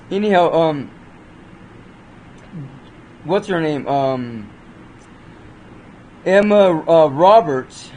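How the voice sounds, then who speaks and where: A man with a fairly high voice chats through movie reviews in a loose, rambling way. He trips over his words, restarts sentences and fills gaps with lots of fillers. Faint ambient noise sits behind him. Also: darkish tone, low-quality recording. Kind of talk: casual spoken movie review.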